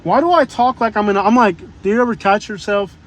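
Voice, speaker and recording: A man with a notably high voice talks to his livestream audience while in a car. He drifts from topic to topic in a loose, joking, chatty way. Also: fast talker. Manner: rambling, joking, chatty asides to viewers. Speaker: live-stream vlogger. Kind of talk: casual live-stream chat.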